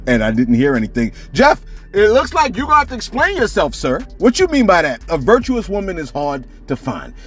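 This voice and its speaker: A man, animatedly chatting through celebrity news and reading out viewer shout-outs. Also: high-pitched, brisk, hardly any pauses, soft background music. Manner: animated, rhetorical, keeps saying "you know what I'm saying". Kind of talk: casual vlog commentary and viewer shout-outs.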